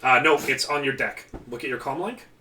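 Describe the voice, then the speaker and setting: A man's voice: medium pitch, fairly quick, sharp tone, recorded from a distance, a little hiss or hum. A man running a tabletop game as game master, explaining rules in rambling, self-correcting sentences.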